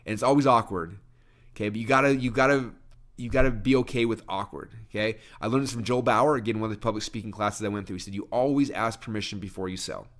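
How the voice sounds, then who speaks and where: A man presenting a sales training talk to an audience. He speaks energetically, often restarts his sentences, and says he talks fast. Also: on the low side. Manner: rapid-fire, energetic, frequent restarts. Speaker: marketing trainer.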